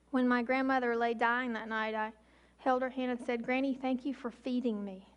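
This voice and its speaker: A woman in her forties, an emergency physician, giving an emphatic public talk with slow, deliberate pauses. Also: fairly high pitch, muffled recording.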